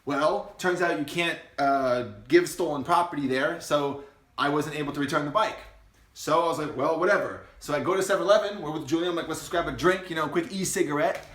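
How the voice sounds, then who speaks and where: A young man telling a story casually to the camera, animated and profane, then explaining his insurance business. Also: a little high, brisk. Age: young adult. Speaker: vlogger and insurance agency owner. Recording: roomy echo.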